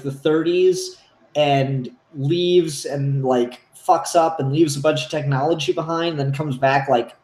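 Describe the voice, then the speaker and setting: A man co-hosting a casual comics chat, excitable and profane, acting out scenes as he talks. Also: fairly high pitch. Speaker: podcast co-host. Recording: roomy echo.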